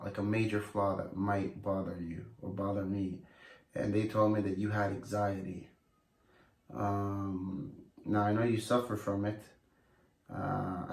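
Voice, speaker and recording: A young man asking and answering questions in a casual couple's Q&A vlog, speaking deliberately with many "um"s. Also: lowish voice. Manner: deliberate, hesitant with "um". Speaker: vlogger, husband. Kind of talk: casual Q&A chat. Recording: echoey, distant from the mic.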